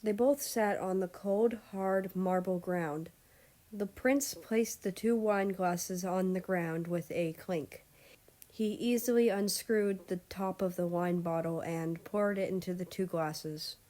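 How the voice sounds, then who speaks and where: Woman reading a fanfic out loud, low voice, takes her time. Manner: calm, measured narration. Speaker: story reader. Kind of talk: reading a fan story aloud.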